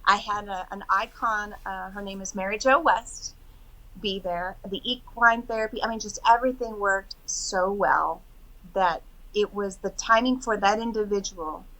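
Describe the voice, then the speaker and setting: A middle-aged woman talks casually on a podcast about the retreats she runs. Her voice is bright and clear, and she tells her stories in an animated way. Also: mid-range voice, moderate pace, rough recording. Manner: animated storytelling, quotes others in lively voices. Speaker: podcast guest, retreat organizer. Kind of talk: casual interview chat.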